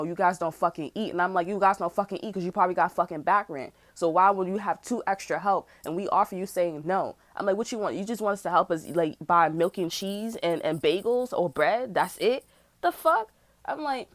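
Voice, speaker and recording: Heated, profane woman in her twenties ranting. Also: mid-range voice. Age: 20s. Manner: profane, heated, says "bro" constantly. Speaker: tarot channel host. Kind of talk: casual unscripted rant.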